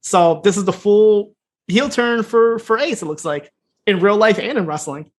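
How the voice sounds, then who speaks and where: A man co-hosting a podcast, recapping a TV episode in casual chat, quickly acting out what the characters say, with frequent laughs. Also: high-pitched. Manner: fast, animated retelling with laughs and acted-out quotes. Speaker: podcast co-host.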